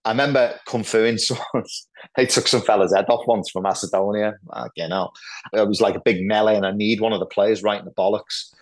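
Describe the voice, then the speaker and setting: A middle-aged man, telling lively football anecdotes as a podcast guest, peppered with "like" and "right". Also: fairly low pitch, a little fast. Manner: animated anecdotes, lots of "like" and "right". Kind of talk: casual storytelling chat.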